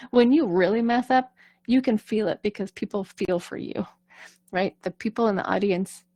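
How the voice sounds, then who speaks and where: Woman vocal coach chatting thru a lesson, a bit of fry in her voice, dry close sound. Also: mid-range voice, darkish tone, dry recording. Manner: chatty, reassuring, often ends with "right?". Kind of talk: casual teaching talk.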